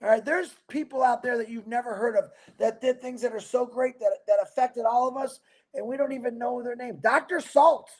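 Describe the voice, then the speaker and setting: A man from Michigan hosting a livestream, giving a rambling, energetic motivational talk to his viewers. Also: very high-pitched, brisk. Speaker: livestream host.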